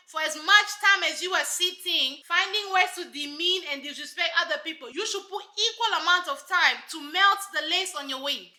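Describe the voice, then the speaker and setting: Sassy woman ranting about a reality show, high bright voice, kinda echoey room. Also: normal speed, hardly any pauses. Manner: sassy, emphatic, rhetorical asides. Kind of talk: casual commentary.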